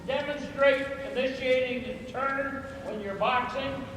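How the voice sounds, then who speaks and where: A young man in the audience asking a question politely, slightly halting. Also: very high-pitched, steady tone. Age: young adult. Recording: echoey arena from far off with crowd.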